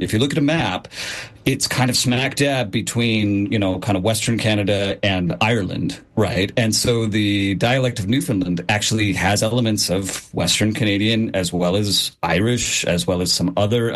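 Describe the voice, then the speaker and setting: A low-voiced man talks through his craft as a guest dialect coach on a radio show. He explains at length in a loose, chatty way, full of fillers and restarts. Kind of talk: radio interview.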